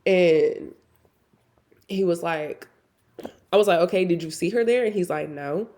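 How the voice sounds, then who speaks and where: A woman's voice: fairly low pitch, measured pace, dark tone. A young woman hosting a podcast, telling a personal story in casual, candid talk full of fillers and swearing. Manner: candid, profane, conversational with many "like" fillers. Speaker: podcast host.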